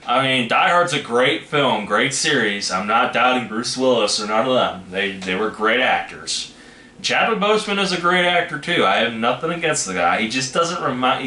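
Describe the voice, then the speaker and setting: A man's voice: mid-range voice, sing-song, moderate pace, bright, forceful tone. A man hosting a casual trailer reaction, rambling and hedging as he talks. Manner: rambling, hedging with "you know what I mean". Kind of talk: casual chat. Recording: echoey room with faint noise.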